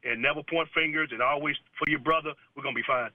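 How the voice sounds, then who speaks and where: Fast-talking coach on a tinny phone line. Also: male voice, a little high, slight background noise. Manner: casual, animated storytelling with slang. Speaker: basketball coach guest. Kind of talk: phone-in interview.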